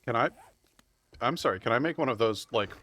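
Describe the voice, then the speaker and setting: A man's voice: mid-range voice, expressive, fairly quick. Casual swearing male game streamer. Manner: casual, rambling, swears freely; laughs loudly at chat. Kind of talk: live gameplay commentary.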